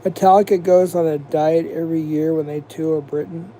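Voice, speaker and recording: A man's voice: on the high side, fairly even intonation, moderate pace, mellow, a little hiss or hum. An American man hosting a livestream, rambling and mocking in a profane, casual rant. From United States. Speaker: livestream host.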